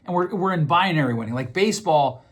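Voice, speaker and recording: A man's voice: fairly high pitch, lively intonation, quick pace. A middle-aged man hosting a podcast, explaining ideas in a casual, conversational way, often repeating words as he thinks. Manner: conversational, repeats words while thinking, acts out quoted voices. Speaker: podcast host.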